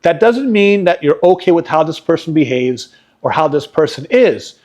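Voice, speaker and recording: Lively, expressive man telling stories. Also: fairly high pitch, moderate pace. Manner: earnest motivational storytelling. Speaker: podcast co-host. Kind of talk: casual podcast chat.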